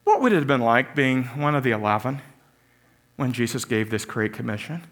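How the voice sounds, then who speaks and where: A middle-aged man preaching a sermon, telling stories with animated delivery and acted-out voices. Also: medium pitch, brisk. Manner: animated storytelling, acts out voices.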